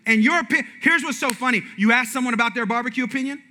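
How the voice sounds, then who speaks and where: A man preaching a sermon as pastor, telling animated stories and calling on the congregation to shout out. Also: very high voice. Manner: animated storytelling, asks audience to shout out; shifts from loud excited to quiet slow and intimate.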